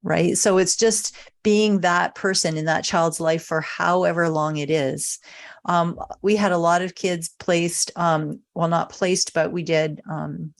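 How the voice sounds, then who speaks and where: Canadian foster mom guest, forties, slightly low voice, encouraging and heartfelt. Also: female voice, steady tone, unhurried, creaky. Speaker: podcast guest, foster mother. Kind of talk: casual conversational interview.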